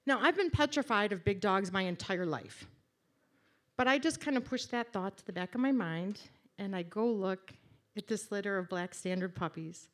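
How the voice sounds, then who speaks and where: A woman's voice: medium pitch, lively intonation, normal speed. A woman telling a personal story on a live stage in a wry, conversational, self-deprecating way.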